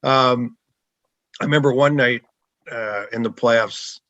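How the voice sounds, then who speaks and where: A man's voice: mid-range voice, takes it slowly, fairly bright tone, dry recording. Laid-back storytelling man, dry dull sound. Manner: laid-back anecdotal, laughs often. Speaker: guest, former hockey goalie. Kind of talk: casual podcast storytelling.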